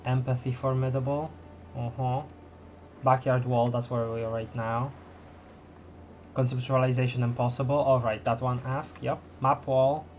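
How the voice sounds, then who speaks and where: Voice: mid-range voice, level tone, moderate pace, a little mellow, slight background noise. A streamer casually commenting while playing a game, chatty and laughing often. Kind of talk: casual let's-play commentary.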